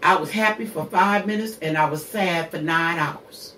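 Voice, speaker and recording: A woman's voice: on the low side, normal speed, sharp tone, roomy sound, recorded from a distance, a little hiss or hum. A woman in her sixties hosting a radio show, telling her own hard story bluntly, with curses and rhetorical questions. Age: 60s. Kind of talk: candid personal monologue.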